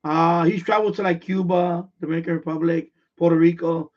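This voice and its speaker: A man's voice: on the high side, steady tone, brisk, darkish tone. A man hosting a live stream, telling a story in a rambling, repetitive way with lots of restarts. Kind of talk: casual live-stream chat. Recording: far from mic, dull lo-fi sound.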